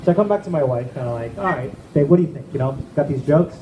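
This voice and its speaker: A man's voice: on the high side, lively intonation, quick pace. A man doing a stand-up comedy set at an event, chatty and checking in with the crowd. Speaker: amateur stand-up comic. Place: event room with a live audience. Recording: echoey room with background noise.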